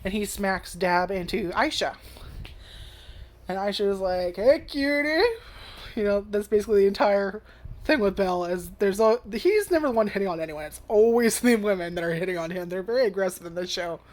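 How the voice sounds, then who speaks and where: A woman's voice: medium pitch, brisk, a little mellow. A woman casually reviewing an anime, rambling with lots of "like" and swearing freely as she acts out character lines. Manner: lots of "like" and restarts.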